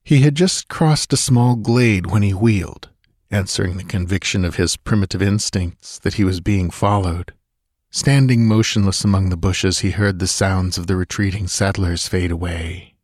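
A man narrating a sword-and-sorcery audiobook in a measured, steady storytelling manner. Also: low-pitched, no room sound, studio quality. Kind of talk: scripted narration.

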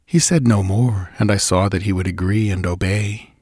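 A man reads a ghost story in a measured, dramatic way. His voice sits low with a husky edge. The sound is dry and close. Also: level tone, a little mellow, dry recording. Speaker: audiobook narrator. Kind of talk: scripted narration of a ghost story.

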